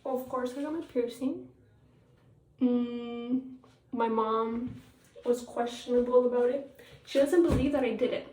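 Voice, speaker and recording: A woman's voice: a little high, steady tone, a little slow, pauses often, mellow. A teenage girl chatting casually while getting ready, rambling with lots of fillers and retelling what others said. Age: teens. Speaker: vlogger. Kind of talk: casual get-ready-with-me chat. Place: home bathroom. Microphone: tablet propped a little far away. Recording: echoey bathroom, mic at a distance.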